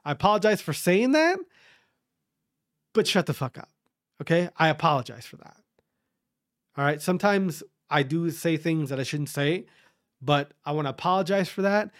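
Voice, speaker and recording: A man rambles through a solo podcast monologue, blunt and profane. He repeats himself often, and his voice sits slightly high for a man. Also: animated, normal speed, pauses often. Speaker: podcast host. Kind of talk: casual ranting podcast monologue.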